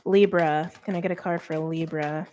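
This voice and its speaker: A young woman with a slightly low voice reads tarot cards in a loose, conversational way. She talks with emphasis, repeats herself and breaks off mid-thought. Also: steady tone, moderate pace, dark tone. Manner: chatty, emphatic, self-interrupting. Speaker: tarot reader. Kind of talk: casual tarot reading.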